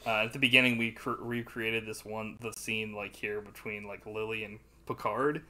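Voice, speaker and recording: A man chatting on a podcast in a bright, forward voice, casual and profane. He keeps laughing and breaks into loud, over-the-top quoted voices. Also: on the low side, steady tone, normal speed. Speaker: podcast co-host. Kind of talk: casual movie chat.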